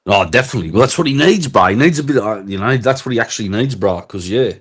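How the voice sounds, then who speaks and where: A man's voice: mid-range voice, expressive, quick pace, husky. An Australian man on a casual boxing livestream panel over a video call, laid-back and agreeable, with profane slang. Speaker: guest panelist.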